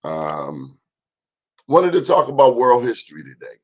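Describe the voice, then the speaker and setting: A man's voice: mid-range voice, huge pitch swings, husky. A man hosting a casual live-stream monologue, chatting and speaking straight to his viewers. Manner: chatty, addresses viewers directly, drawn-out phrases. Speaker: host.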